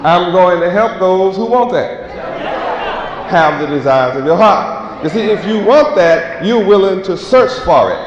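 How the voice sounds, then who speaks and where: Guy preaching, kinda high voice, asks and answers himself, noisy echoey recording. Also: expressive, unhurried, far from the mic, crowd noise. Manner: preaching with questions and answers, rising to a shout. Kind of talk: sermon. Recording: echoey hall, dull muffled sound, noisy.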